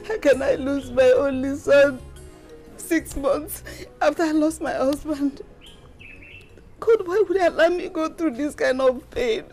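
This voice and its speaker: A woman's voice: high-pitched, measured pace, a little mellow, faint music behind. An actress with a Nigerian accent playing a mother who weeps and pleads over her missing son. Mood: grieving. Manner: weeping, pleading. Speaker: actor in a film. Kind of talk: film drama.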